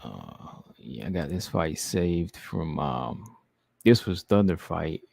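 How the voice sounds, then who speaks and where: A man's voice: a bass voice, very animated, takes it slowly, vocal fry, a little mellow, dry recording. A man hosting a casual livestream, reading viewer comments aloud and answering them in a laid-back way. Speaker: livestream host reading chat.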